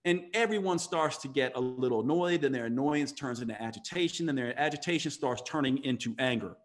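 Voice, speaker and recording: A man's voice: medium pitch, expressive, a little fast. A man who is a podcast guest, a physician and coach, telling a story with emphasis and acting out the voices of the people in it. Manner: emphatic, acts out quoted voices. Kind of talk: storytelling interview talk.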